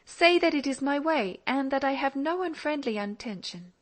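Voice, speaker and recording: A woman's voice: high-pitched, moderate pace, pitched above the performer's own voice. A woman voicing an earnest, teasing young woman who pleads with and scolds her father in an audiobook. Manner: lively, pleading and mock-indignant. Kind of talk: audiobook character reading.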